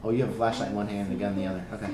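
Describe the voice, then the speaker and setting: A man's voice: lowish voice, level tone, rapid-fire. Hesitant male game master, echoey room. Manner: hesitant, many ums and restarts. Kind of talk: narrating a tabletop game. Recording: echoey room with background noise.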